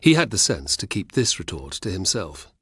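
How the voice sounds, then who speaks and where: A man reads a historical audiobook, telling the story in a steady way. His voice sits low and a little husky, and the recording is dry and close. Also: moderate pace, no echo. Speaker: audiobook narrator. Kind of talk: audiobook narration.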